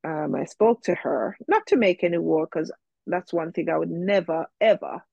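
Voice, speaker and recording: A woman's voice: on the low side, normal speed, gravelly, warm tone, slightly rough, no room sound, lo-fi sound. A woman guest in an interview, telling a personal story in a reflective way, with many fillers, and quoting herself and others.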